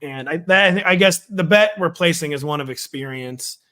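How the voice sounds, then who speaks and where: A man leads a loose sports discussion in a voice pitched a little above most men's. He pokes fun at his own past calls and often breaks into chuckles in the middle of a thought. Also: bright, forceful tone. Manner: quick, self-mocking, chuckles mid-sentence. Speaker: show host running the draft. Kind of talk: casual sports chat.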